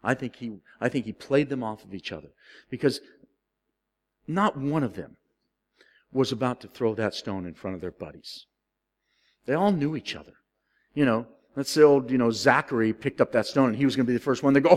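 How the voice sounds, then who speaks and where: A man preaching a sermon, telling a story with big swings from loud, high excitement to quiet, low solemnity. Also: a little fast, long pauses, in a large hall. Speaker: pastor.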